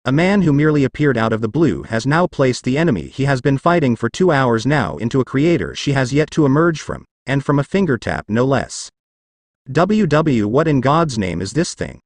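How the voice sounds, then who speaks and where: A man reads a fan fiction story aloud with dramatic flair. His pitch rises and falls a lot, and the close microphone gives a dry, intimate sound with no room echo. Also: sing-song, a little fast, few pauses.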